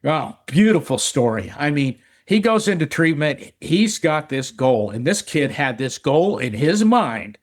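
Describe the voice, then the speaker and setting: A man's voice: a little high, sing-song, a little slow, few pauses. A middle-aged man telling a personal recovery story in casual chat, earnest, often repeating words and restarting. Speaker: recovery podcast guest.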